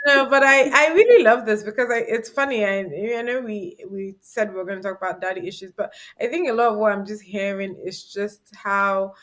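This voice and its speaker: A woman hosting a podcast, chatting casually with a guest in a warm, affirming way and laughing easily. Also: medium pitch, brisk, few pauses. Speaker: podcast host.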